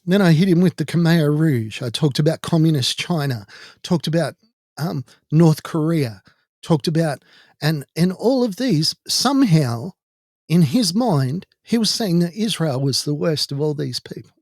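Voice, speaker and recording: A man's voice: a little high, expressive, a little slow, a little mellow, no echo, studio quality. A man from Ireland with an Irish accent, telling a personal story in an indignant, heated way as a podcast host. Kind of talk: personal monologue.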